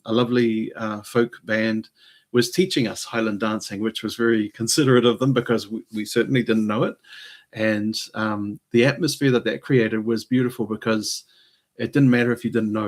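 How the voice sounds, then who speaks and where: A man, possibly middle-aged, hosting his own live stream from New Zealand, rambling in a hesitant way with many pauses and fillers. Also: mid-range voice. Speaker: channel host. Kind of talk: casual live-stream monologue.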